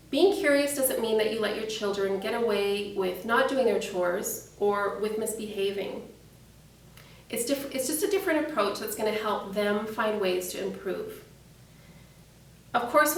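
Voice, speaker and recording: A woman's voice: a little high, far from the mic. A woman hosting a parenting tips program, talking in an encouraging, friendly way and often asking the listener questions. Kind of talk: scripted parenting tip talk. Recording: echoey room, voice a bit off-mic.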